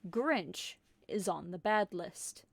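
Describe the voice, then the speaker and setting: Slow, deadpan woman storyteller. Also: on the low side, creaky, dry recording. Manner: deadpan, absurd. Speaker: streamer. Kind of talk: comic storybook reading.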